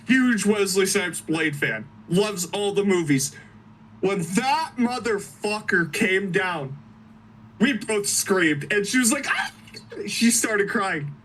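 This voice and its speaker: High bright-voiced man, lively storyteller. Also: takes it slowly, pauses often, distant mic, a little hiss or hum, rough recording. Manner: animated, swearing, laughing storyteller. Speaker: podcast co-host. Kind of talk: excited casual movie chat.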